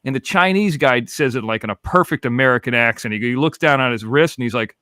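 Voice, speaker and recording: A man's voice: medium pitch, quick pace, pushed and bright, no room sound, studio quality. A man in his forties from Florida, a podcast host telling rambling, profane stories in casual chat. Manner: rambling, profane, laid-back.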